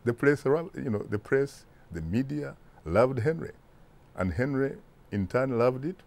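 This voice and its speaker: A Ugandan-accented man in his sixties, answering interview questions in a deliberate, emphatic way with rhetorical asides. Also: medium pitch, lively intonation, creaky, darkish tone. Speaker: interview guest, broadcast journalist.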